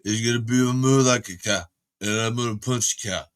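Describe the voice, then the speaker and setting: A man putting on an impression of a punch-drunk older boxer, mumbling in a slow, slurred tough-guy drawl. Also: mid-range voice, steady tone, clear, resonant tone, lightly acted.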